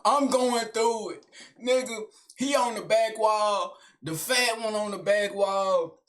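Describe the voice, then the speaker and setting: A man telling a family story to the camera in a storytime monologue. He is animated, slangy and profane, and often checks in with the listener. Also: high-pitched, takes it slowly.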